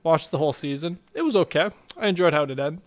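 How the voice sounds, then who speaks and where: A man co-hosting a casual podcast, talking in a rambling, animated way and breaking into laughter often. His voice sits a little high for a man. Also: fast. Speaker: podcast co-host. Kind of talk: casual chat.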